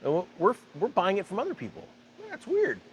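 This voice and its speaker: Man, finance vlog host, casual commentary, sarcastic asides, animated pitch, faint background hum. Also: fast talker, highs cut off. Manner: emphatic, sarcastic, rambling asides.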